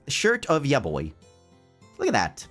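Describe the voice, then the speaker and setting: Faint, soft music runs behind a man streaming to his chat in a casual, playful way. He laughs easily, his pitch swooping with lively energy, and he stumbles when he gets excited. Animated throughout, he reads out chat messages and replies to them.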